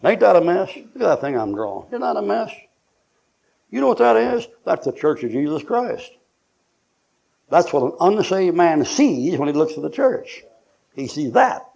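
Gravelly older preacher. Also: male voice, sits high, sing-song, moderate pace, darkish tone. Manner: joking, acts out voices, laughs often. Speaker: pastor. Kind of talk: folksy preaching with anecdotes. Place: church sanctuary.

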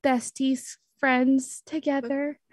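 A woman's voice: on the high side, quick pace, dark tone, husky, no room sound, studio quality. A woman voicing a nervous young woman hero who stammers and half-whispers. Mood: flustered.

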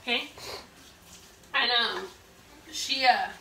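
A young adult woman telling a story from her own life in a casual chat, animated and laughing often, acting out what others said. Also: fairly high pitch, slow, vocal fry, a little hiss or hum. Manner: animated, laughing, acts out quoted people loudly. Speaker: vlogger. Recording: echoey room, mic at a distance.

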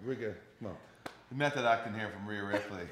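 A man's voice: lowish voice, brisk, a crowd in the background. A man hosting a workout, joking and laughing often in casual gym banter. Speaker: host. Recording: echoey gym with background noise.

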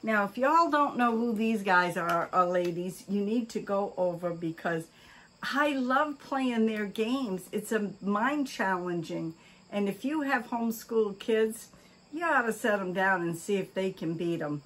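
Slow-talking older woman gushing over mail. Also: medium pitch, expressive, fairly bright tone. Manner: gushing, exclamatory, full of oohs and oh my goodness. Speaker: vlogger opening fan mail. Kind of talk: casual mail-opening chat.

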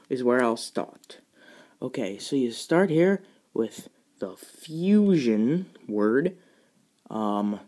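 A man's voice: medium pitch, darkish tone. A young man giving a casual, rambling review of a model car, chatty and self-mocking, with plenty of fillers.

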